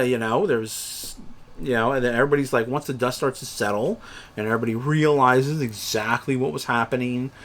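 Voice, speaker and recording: A man's voice: medium pitch, a bit bright. A middle-aged man explaining a market sell-off in a rambling, casual way, full of fillers and restarts, acting out the traders he quotes. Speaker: reseller channel host.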